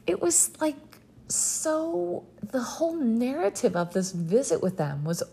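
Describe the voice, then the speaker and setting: A woman's voice: on the high side, sing-song, measured pace, gravelly, mellow, husky. A young woman hosting a podcast, recapping a show in a chatty, sarcastic way with lots of fillers. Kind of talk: casual chat.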